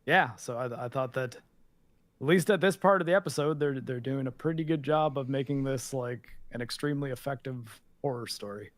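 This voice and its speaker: A man's voice: mid-range voice, brisk, dry recording. Dry-sounding man chatting casually. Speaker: podcast co-host. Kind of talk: casual chat.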